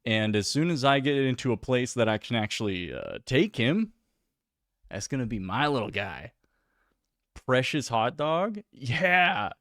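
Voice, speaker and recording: A man's voice: mid-range voice, sing-song, unhurried, a bit bright, no echo, studio quality. A young man hosting a livestream, chatting casually in a rambling, self-deprecating way with lots of filler words. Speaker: livestream host. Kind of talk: casual chat.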